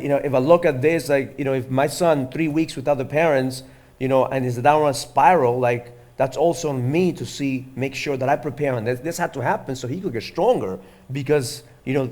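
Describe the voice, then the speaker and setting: A man's voice: medium pitch, lively intonation, a little fast, a little mellow. A middle-aged man, a father and entrepreneur, speaking candidly and earnestly at a live virtual summit in short, loose, reflective phrases.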